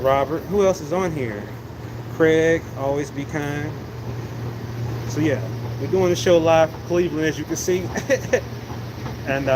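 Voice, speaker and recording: A man hosting a casual livestream, rambling in an easygoing way and talking to viewers as he walks through a large indoor venue on a phone mic. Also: on the high side. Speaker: livestream host. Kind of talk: casual walking livestream chat. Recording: noisy venue background.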